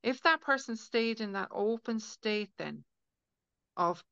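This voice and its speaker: A podcast guest who works as a healer speaks earnestly in casual conversation, acting out inner voices as she explains. Her voice is a little high, gravelly and slightly bright with a clean tone, and she talks slowly. The audio is dull and lo-fi, dry with no room sound.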